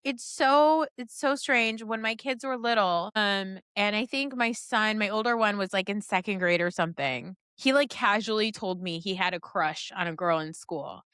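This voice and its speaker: A middle-aged woman chatting as a podcast guest, telling lively family stories and acting out quoted lines. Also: mid-range voice, normal speed, few pauses, smooth, dry recording, clean studio sound. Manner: animated storytelling with quoted voices. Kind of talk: casual chat.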